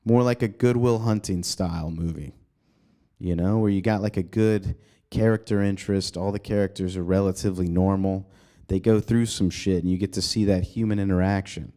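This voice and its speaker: A male comedian hosting his own podcast, ranting casually and profanely, rambling with sudden jumps in pitch, recorded in an apartment. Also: steady tone, moderate pace, mellow. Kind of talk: casual solo podcast rant.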